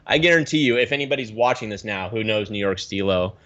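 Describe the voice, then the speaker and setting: Lively, animated man on a muffled call. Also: lowish voice, fast. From Pacific Northwest, US. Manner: animated, rambling, self-correcting. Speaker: guest, aquarium YouTuber. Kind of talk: casual storytelling on a live video call.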